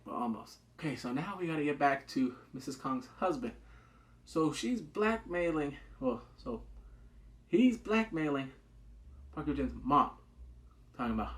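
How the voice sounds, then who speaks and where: A man giving a casual, excitable recap of a TV drama, acting out the characters' lines in quick asides. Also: on the high side. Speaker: TV drama reviewer.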